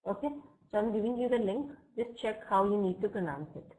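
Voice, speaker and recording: A woman's voice: medium pitch, mellow, rough recording. Patient woman teaching words online. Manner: patient, explains words slowly and checks "okay?" often. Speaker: English vocabulary teacher. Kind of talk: live online class.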